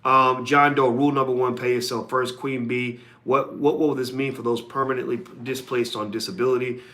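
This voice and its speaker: A man's voice: mid-range voice, flat delivery, normal speed, pushed and bright. A man hosting a live podcast, talking conversationally and reading out viewer comments. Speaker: podcast host.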